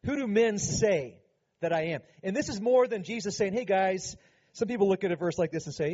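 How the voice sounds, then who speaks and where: A man's voice: sits high, expressive, a little fast, darkish tone, dull audio. A man preaching a sermon as pastor, earnest and emphatic, with frequent conversational asides.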